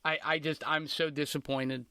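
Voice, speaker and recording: A man hosting a comedy podcast, riffing in a casual, animated, mock-indignant way with crude jokes. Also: fairly high pitch, moderate pace, smooth. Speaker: podcast host.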